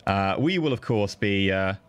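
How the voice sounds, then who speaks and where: At a moderate pace, with a faint hiss or hum behind him, a man streams a strategy game and chats casually and playfully with his viewers. He thanks them, jokes as he plays, and now and then bursts into a high, excited pitch, all in the style of relaxed livestream commentary.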